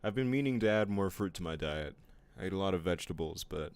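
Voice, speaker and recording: Low-voiced guy teasing his chat while he draws, clear smooth tone, jokey fake outrage. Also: animated, fast, hardly any pauses. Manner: playful mock-offended banter with chat. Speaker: art streamer. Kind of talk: casual live-stream chat while drawing.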